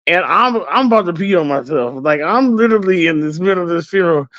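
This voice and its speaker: A channel host with a high, slightly bright voice tells a story to livestream viewers in a loose, chatty way, laughing easily. He's animated and quick, and the lo-fi recording has no room sound.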